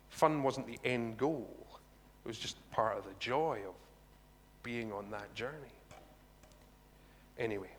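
A man preaching a sermon in a chatty, animated way, often turning to the congregation with quick asides. His voice sits at an ordinary middle pitch, and a long hall reverb trails behind every phrase. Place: church hall.

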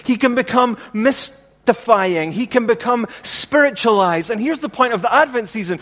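A man's voice: very high voice, animated, moderate pace, fairly bright tone, big-room sound. A man preaching a sermon as pastor, earnest and repetitive, asking the congregation rhetorical questions.

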